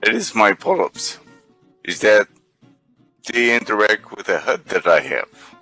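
A man player in voice chat, speaking in halting, childish baby talk. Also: lowish voice, lively intonation, bright, forceful tone, soft background music, poor audio. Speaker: player in a virtual world.

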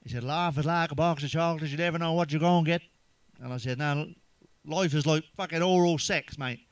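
A middle-aged man with a fairly high voice, telling crude stand-up jokes in a casual, swearing, conversational way and laughing at his own punchlines. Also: brisk, clear, resonant tone, no echo. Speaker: stand-up comedian.

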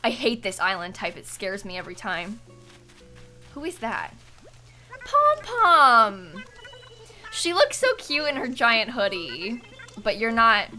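A young woman streams a game with music playing beneath her voice, chatting casually and thanking viewers by name as she reads them from chat. Her voice is medium-pitched and sing-song, with a sharp tone and a normal pace.

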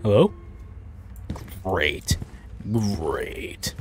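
A man commenting on a horror game playthrough, jumpy and swearing, shouting when startled. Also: sits low, big pitch swings, very slow, noisy background. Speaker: gaming video host.

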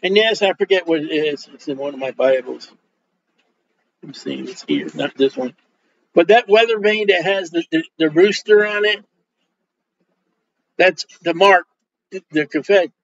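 A high-voiced male preacher tells jokes through his sermon and acts out the lines of people in his stories. The recording is dull and lo-fi. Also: normal speed, pauses often, dry recording. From Polish Roman Catholic upbringing. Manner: joking, animated, acts out quoted dialogue. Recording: dull lo-fi sound.

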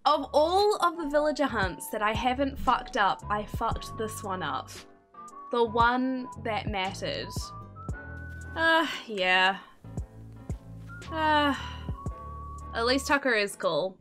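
Young female streamer, excitable and swearing, very animated delivery, faint game music underneath. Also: on the high side, takes it slowly, long pauses. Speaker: gaming streamer. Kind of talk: casual gameplay commentary.

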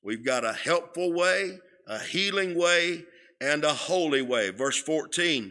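Guy teaching sunday school, slow n emphatic, bright punchy voice. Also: on the high side, lively intonation. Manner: slow and emphatic, stretching key words, often repeating words. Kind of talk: sermon-style Bible lesson. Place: church sanctuary.

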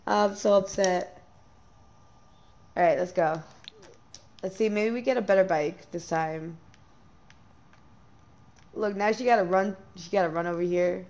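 A young woman streaming a life-sim game, chatting casually with lots of ums and quick bursts of dismay. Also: lowish voice, darkish tone, a little hiss or hum. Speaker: gameplay streamer. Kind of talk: casual gameplay commentary.

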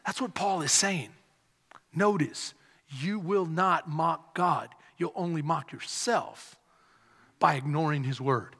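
A male pastor preaching a sermon with animated delivery, repeated refrains and call-and-response. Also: on the high side, slow pace, husky. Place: church sanctuary. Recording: long hall reverb.

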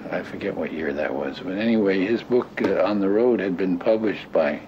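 An older man reminiscing in an interview, talking haltingly with many restarts and fillers. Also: low voice. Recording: dull lo-fi audio with clear noise.

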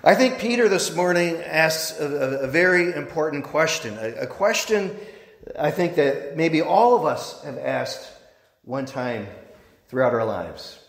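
A man, a priest, giving a sermon, telling a story with halting restarts. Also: on the high side, expressive, creaky. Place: church. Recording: echoey church with long reverb.

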